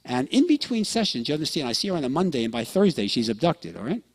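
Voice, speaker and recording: This man has a sing-song, mid-range voice and talks fast while giving a lecture. Storytelling drives his delivery, with quoted dialogue acted out and regular check-ins aimed at the audience.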